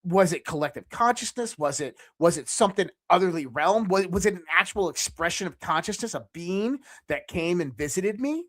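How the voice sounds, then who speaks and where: A man's voice: sits high, moderate pace, hardly any pauses. A man guest telling a long personal story in casual conversation, acting out the dialogue and swearing freely. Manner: animated, acts out quoted dialogue, swears freely.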